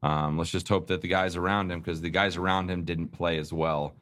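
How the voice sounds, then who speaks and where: A man's voice: low-pitched, fairly even intonation, a little fast, a bit bright. A man co-hosting a casual sports podcast, talking loosely and bluntly and swearing freely. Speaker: podcast co-host.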